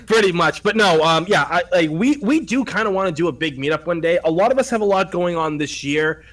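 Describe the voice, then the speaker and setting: A man's voice: sits high, lively intonation, normal speed, fairly bright tone, recorded from a distance. A man with a Boston accent, co-hosting a casual podcast chat, joking and rambling. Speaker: podcast co-host.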